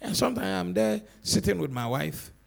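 A man preaching a sermon as pastor, animated and repetitive, swinging between shouts and low murmurs. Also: moderate pace, vocal fry. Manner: repeats words for emphasis.

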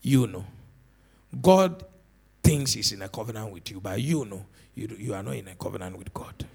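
A man preaching a sermon as pastor, animated and repetitive, swinging between shouts and low murmurs. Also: normal speed, gravelly, husky. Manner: repeats words for emphasis.

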